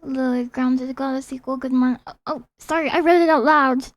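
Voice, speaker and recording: Woman, game streamer, casual live chat, excitable, apologetic, high voice, dry close sound. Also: fairly quick, no room sound. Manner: excitable, reads chat aloud and apologizes often. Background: faint game music.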